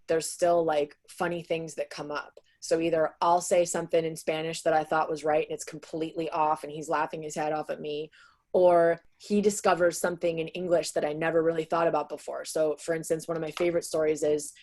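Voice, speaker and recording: A woman's voice: sits low, level tone, fairly quick, darkish tone. Chatty woman presenting on a video call. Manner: chatty, with many "um" and "like" fillers. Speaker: sales trainer presenting to real estate agents. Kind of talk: casual webinar presentation.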